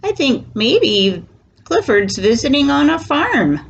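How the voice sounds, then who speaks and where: A woman reading a picture book aloud to toddlers as a storyteller, slow and animated. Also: high voice, gravelly, muffled recording. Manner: slow, sing-song and animated for small children. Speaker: children's storyteller.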